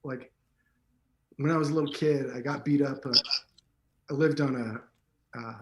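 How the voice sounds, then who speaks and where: A man in his late forties speaking casually and somewhat hesitantly in a relaxed conversation. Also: mid-range voice, moderate pace, roomy sound, low-quality recording. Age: 40s. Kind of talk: casual chat.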